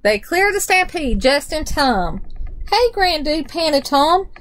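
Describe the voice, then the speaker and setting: A woman reading a children's picture book aloud, full of animated storytelling. Her voice sits high and swoops through a very wide, expressive range. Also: slow pace, rough recording.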